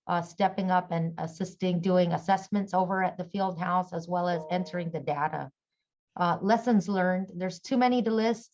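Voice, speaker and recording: A middle-aged woman speaking as a conference panelist, earnest and halting with many fillers. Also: fairly low pitch, a little mellow, dull audio. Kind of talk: conference presentation.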